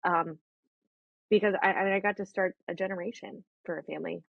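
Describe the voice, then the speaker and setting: A woman in her thirties, a guest on a podcast, telling her story in an animated, chatty way with frequent laughs and quoted dialogue. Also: on the low side, a little fast, vocal fry, no echo, dull audio. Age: 30s. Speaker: guest, egg donor. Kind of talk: casual storytelling in a podcast interview.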